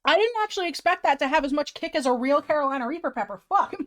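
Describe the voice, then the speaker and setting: High-voiced chatty woman streamer. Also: lively intonation, quick pace. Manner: chatty, self-mocking, casual swearing. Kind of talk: casual livestream chat.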